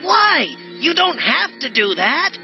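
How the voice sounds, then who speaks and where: An actor voicing a brave, desperate young fighter who pleads and shouts in a dubbed anime scene. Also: male voice, very high-pitched, big pitch swings, slow, vocal fry, heavily acted. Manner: pleading, shouting, near tears. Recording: dull clip with loud music.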